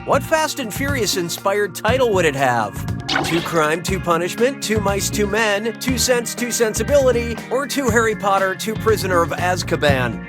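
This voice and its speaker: Sarcastic trivia host, higher voice, mocking punchlines, music bed underneath. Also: male voice. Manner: snarky, mocking, punchy joke delivery. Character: wisecracking male quiz show host. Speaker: quiz game host. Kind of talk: scripted game show hosting.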